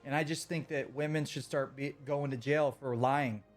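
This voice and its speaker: A man's voice: medium pitch, fairly even intonation, normal speed, faint music behind. A man ranting on a live stream in a casual, emphatic way, swearing often and repeating his points.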